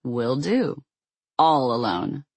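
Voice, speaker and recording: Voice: mid-range voice, expressive, slow, breathy edge, no room sound, full character voice. A narrator voicing a sardonic, dramatic teenage boy with a drawling, theatrical way of talking, read as part of an audiobook. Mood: wry.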